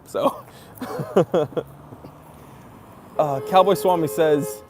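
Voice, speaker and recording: A man's voice: a little high, extremely slow, noisy background. A young man hosting a casual live stream Q&A, reading viewer comments aloud and chatting with lots of fillers. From near New York.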